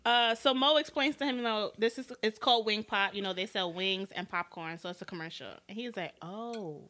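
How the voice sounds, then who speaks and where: Bright, lively woman co-hosting a podcast. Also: mid-range voice, brisk. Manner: laughing, animated storytelling. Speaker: podcast co-host. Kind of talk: casual recap chat.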